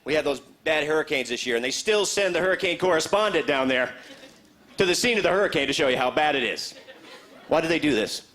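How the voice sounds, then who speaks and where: A man doing a stand-up comedy set in a club, animated and slipping into high character voices. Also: fast talker. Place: comedy club stage with a laughing audience. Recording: live club recording with crowd and noise.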